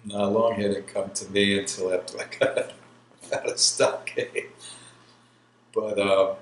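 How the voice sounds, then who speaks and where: Taking it slowly, with little pitch movement in a lowish voice, an army veteran from New York in his sixties relates his life story for an oral history interview. He rambles and laughs as he goes. The recording is roomy with a faint hiss.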